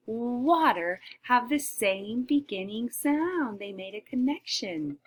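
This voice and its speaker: A woman teaches young children to read, drawing out each beginning letter sound at a deliberately slow pace. Her voice is soft and breathy, often sinking to a whisper before she brightens with gasps of discovery. Her pitch rises and falls in a lively, singsong way. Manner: animated, encouraging, with gasps of discovery. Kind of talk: shared reading lesson for young children.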